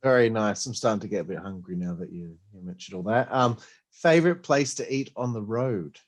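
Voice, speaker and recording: A man's voice: on the low side, animated, fairly quick. A man hosting a podcast, asking short questions and reacting briefly. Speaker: podcast host. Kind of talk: casual podcast interview.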